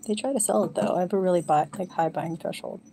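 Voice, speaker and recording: Woman, live stream chat, gravelly, mellow dark tone, faint crickets behind. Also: on the low side, quick pace, slight background noise. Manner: rambling, candid, drifts into whispers at times. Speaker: livestreamer.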